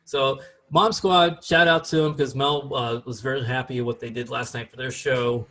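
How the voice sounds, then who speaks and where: American guy hosting a podcast, talks loose and rambly, lots of ums, mid pitch. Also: steady tone, normal speed, bright, forceful tone, slight background noise. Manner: rambling, frequent fillers and restarts. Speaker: podcast host. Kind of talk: casual chat.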